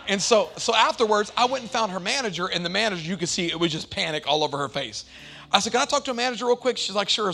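A middle-aged male pastor preaching a sermon, moving from shouted, sing-song climaxes to relaxed, chatty storytelling with acted-out quotes. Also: high voice.

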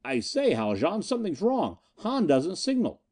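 A frantic, clipped gentleman crying out in alarm, as a male narrator puts him on. The voice jumps high above the reader's own, with a mellow, rounded timbre and lively swings in pitch. This is an audiobook reading. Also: normal speed, full character voice. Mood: panicked. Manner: frantic, clipped, proper "I say" speech. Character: panicked gentlemanly man aboard a falling spaceship.

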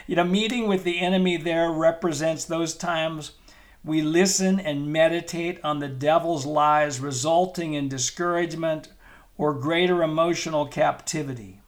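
A man's voice: fairly high pitch, steady tone, normal speed. Emphatic man preaching on a podcast. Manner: enthusiastic, emphatic preaching with repeated phrases. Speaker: pastor. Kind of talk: podcast sermon.

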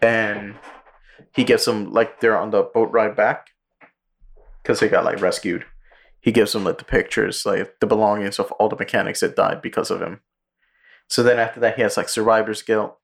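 A man co-hosting a podcast, casually retelling a movie plot with lots of swearing and quick character voices. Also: fairly low pitch, gravelly. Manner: profane, animated storytelling with quick character impressions. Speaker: podcast co-host.

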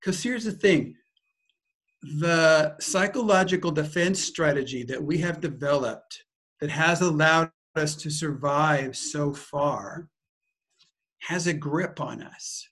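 A man's voice: a little high, slow pace, fairly bright tone. A man leading a personal growth workshop, speaking in an emphatic, repetitive way. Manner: emphatic, repetitive, circling phrasing. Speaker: workshop leader. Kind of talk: teaching a group.

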